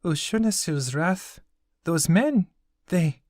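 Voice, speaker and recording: A man voicing a grieving young woman who speaks haltingly and breaks off mid-sentence. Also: fairly high pitch, expressive, darkish tone, dry recording, clean studio sound, pitched above the performer's own voice. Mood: anguished. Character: young woman, soft-spoken, haunted by grief.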